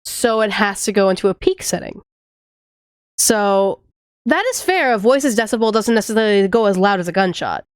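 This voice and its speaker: A woman's voice: medium pitch, expressive, normal speed, clear, resonant tone, no room sound, clean studio sound. A woman streamer chatting casually and rambling with jokes and swearing while playing a game. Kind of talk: casual gameplay chat. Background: game music.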